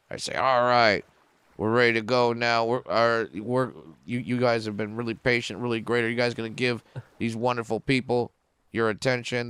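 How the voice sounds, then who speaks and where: A middle-aged man spins stand-up stories in a casual podcast chat, his voice smooth and resonant. He swears freely and leaps higher in pitch when he hits a punchline. The sound is close and dry. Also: dry recording. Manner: animated, profane, jumps way up in pitch for punchlines. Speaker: comedian guest.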